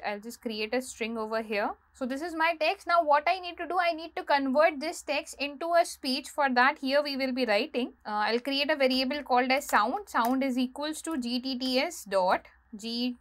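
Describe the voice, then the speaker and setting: A woman's voice: sits high, fairly bright tone. A woman teaching a coding lesson, explaining each step while she types and reads code aloud. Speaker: programming instructor. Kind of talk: screen-recorded coding tutorial.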